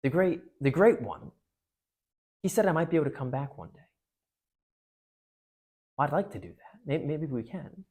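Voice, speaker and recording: A man's voice: fairly high pitch, animated, normal speed, long pauses, darkish tone, breathy edge. A man retelling a story and voicing an awkward schoolboy who talks in an earnest, hesitant way.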